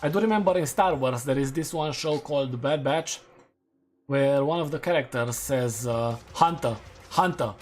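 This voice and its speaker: A man's voice: mid-range voice, normal speed, a little mellow, a little hiss or hum. A man streaming a game, chatting casually and laughing at his own takes; English is not his first language. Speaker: gaming streamer. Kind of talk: casual gameplay commentary.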